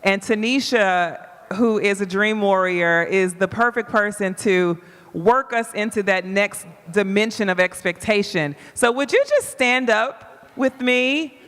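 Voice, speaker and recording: A woman podcast host welcoming listeners and hyping a live audience with excitement. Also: medium pitch, a little slow. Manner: exuberant, hypes the crowd, sings. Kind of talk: lively hosting at a live event. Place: live event stage. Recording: reverberant hall with background music.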